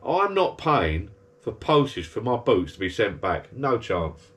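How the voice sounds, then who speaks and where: A man's voice: lowish voice, sing-song, measured pace, fairly bright tone, slight background noise. Grumbling man ranting casually. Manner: chatty, grumbling rant. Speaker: vlogger. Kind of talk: casual rambling monologue. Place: backyard garden bar shed.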